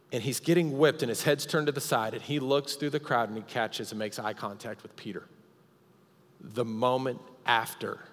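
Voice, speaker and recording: A male pastor delivers a sermon at a live church service, retelling a story with dramatic emphasis and insistent repetition. His voice sits at a middle pitch. It trails off into the long reverb of a church hall. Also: a bit bright.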